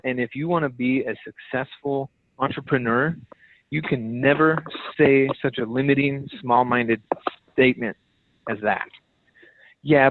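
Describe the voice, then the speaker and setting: Over a tinny phone-line conference call, a man with a medium-pitched voice leads his sales team with an emphatic, direct motivational coaching talk, repeating key phrases. There's slight background noise.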